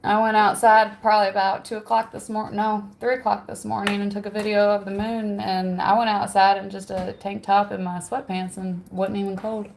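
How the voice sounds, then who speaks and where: A woman's voice: medium pitch, little pitch movement, normal speed, creaky, hardly any pauses, a little hiss or hum. A woman hosting a livestream from home, chatting casually, reading viewer comments aloud and laughing often. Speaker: livestream host.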